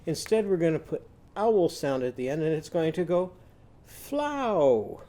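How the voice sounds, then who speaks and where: A man's voice: on the high side, expressive, a little fast, mellow. A man teaching a children's phonics lesson, modelling sounds in a sing-song way for the class to repeat.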